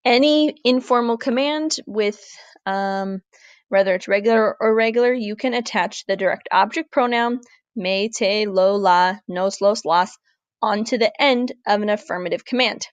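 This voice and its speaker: A woman Spanish teacher, walking through a recorded grammar lesson, clear and deliberate, slowing down to model words. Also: medium pitch, dry recording, lo-fi sound. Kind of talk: recorded classroom lesson over slides.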